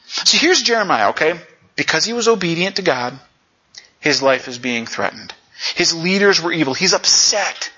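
Guy pastor giving a chatty sermon, kinda high bright voice, dull lo-fi sound. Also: husky. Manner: conversational, frequent "you know", animated pitch jumps for emphasis.

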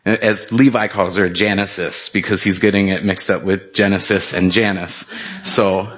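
A man's voice: sits low, fairly even intonation, unhurried, a bit bright, muffled recording. A middle-aged man preaching, telling family anecdotes in a casual, conversational way with plenty of fillers. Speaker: pastor. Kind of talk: storytelling sermon.

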